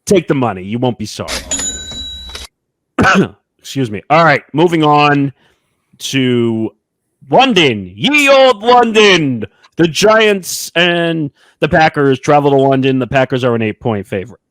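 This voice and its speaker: A man's voice: mid-range voice, animated, fairly bright tone, dry recording. Dry-sounding man reading betting lines. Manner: brisk, announces games and lines. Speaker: podcast host running the segment. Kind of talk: casual sports betting talk.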